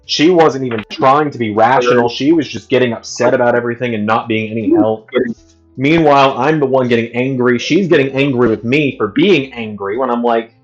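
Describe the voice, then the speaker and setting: An exasperated man vents through a long story on his livestream, swearing freely as he goes. His voice sits at a middling pitch. The audio is slightly muffled, with faint music underneath. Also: normal speed. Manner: exasperated, profane ranting. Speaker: livestream host.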